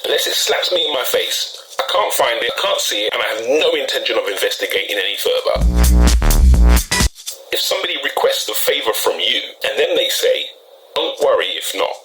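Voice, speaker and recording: A man's voice: medium pitch, lively intonation, fairly quick, over loud music, poor audio. A man with a British accent hosting a casual explainer video, talking with wry, chatty asides. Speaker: video host.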